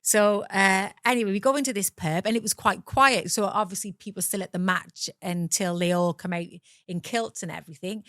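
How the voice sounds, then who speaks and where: A woman's voice: mid-range voice, a little fast, hardly any pauses, a bit bright, dry recording, studio quality. A middle-aged woman from Wales with a South Welsh accent, a guest telling her own story candidly, swearing freely and acting out the voices of people in it.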